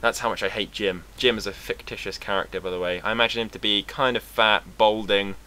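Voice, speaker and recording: A young British man from England talking to camera in a casual, rambling vlog, sarcastic and quick to swear. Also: lowish voice, steady tone, bright, forceful tone, clean tone. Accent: British English. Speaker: vlogger.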